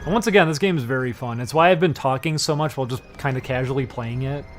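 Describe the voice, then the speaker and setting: A man giving casual, laid-back commentary while streaming a video game, chatting easily and then breaking into loud, laughing outbursts. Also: mid-range voice, fast, faint music behind.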